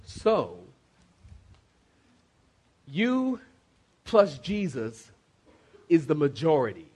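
A man's voice: a little high, wildly swooping pitch, extremely slow, dark tone, slightly rough. A man preaching a sermon as pastor, emphatic and calling for responses from the congregation, with swift asides.

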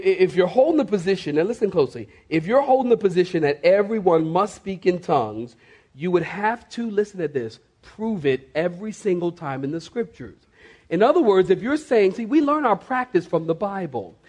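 Male preacher, very high voice, animated and repetitive delivery, playful mock voices. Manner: animated, acts out scenes with mock voices, repeats phrases. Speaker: pastor. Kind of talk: sermon.

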